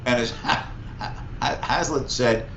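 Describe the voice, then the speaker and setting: A man in his sixties recounts stories as an interview guest, bringing lively emphasis to each anecdote. His voice sits at a middling pitch. The recording is echoey and a little muffled, with faint ambient hiss behind him. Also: slow, vocal fry. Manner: animated anecdote teller, lively vocal emphasis. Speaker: guest, economics professor. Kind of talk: storytelling in a conversational interview. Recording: echoey, slightly muffled room.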